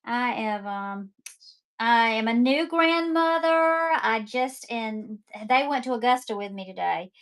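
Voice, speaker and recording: A woman's voice: a little high, animated, measured pace, a bit bright, clear, resonant tone. A talkative woman in her fifties with a Southern accent from Mississippi, chatting casually while selling art kits on a live stream.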